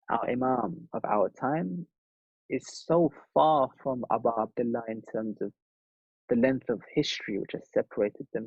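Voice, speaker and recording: A man's voice: mid-range voice, vocal fry, slightly rough, dry recording, phone-quality sound. A man delivering a sermon at a mourning gathering, speaking earnestly with rhythmic repetition. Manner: earnest, rhythmic, repeats phrases for emphasis.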